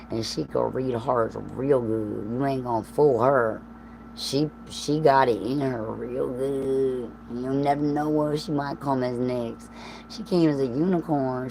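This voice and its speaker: A woman's voice: low-pitched, a little mellow, a little hiss or hum, rough recording. A woman with a Southern US accent hosting a livestream, rambling in a profane, stream-of-consciousness monologue with laughing asides. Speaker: livestream host.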